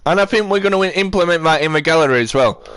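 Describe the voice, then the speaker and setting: A man's voice: a little high, quick pace, fairly bright tone, slight background noise. A man chatting on a live stream, rambling and ranting as he answers his chat.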